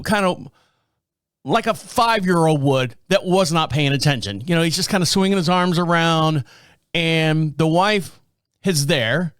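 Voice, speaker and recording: Casting note: male podcast host, somewhat high voice, animated storyteller who chuckles as he goes, dry close mic. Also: smooth, no echo. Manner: animated, chuckling, acts out quotes. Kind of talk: casual storytelling.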